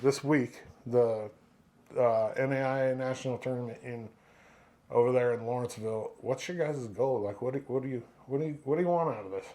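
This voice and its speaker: A man's voice: medium pitch, brisk, dark tone. Male sports show host, casual and playful, talks in loose restarts. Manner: chatty, stumbling restarts, playful. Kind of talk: casual interview chat.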